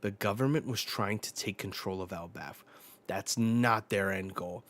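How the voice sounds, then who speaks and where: A seasoned male pirate captain talks with calm, measured earnestness, as a man reads his lines. The voice sits low and moves slowly. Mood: earnest.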